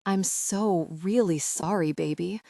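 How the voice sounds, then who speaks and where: A woman's voice: fairly low pitch, slow, vocal fry, mellow, dry recording, studio quality, full character voice. Woman voicing a sobbing, heartbroken young man. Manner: choked, tearful pleading. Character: grieving young man, broken and tender.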